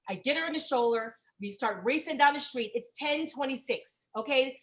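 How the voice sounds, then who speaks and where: A woman's voice: a little high, brisk. A young woman comedian telling a wild, profane story on a video call, acting out the other people in it. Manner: brash, profane, animated, acts out voices. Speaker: stand-up comedian.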